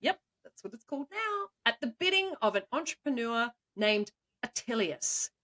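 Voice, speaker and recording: A woman co-hosting a podcast, playfully telling stories with quick asides and frequent laughs. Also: on the high side, sing-song, pushed and bright. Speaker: co-host, storyteller. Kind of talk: casual chat.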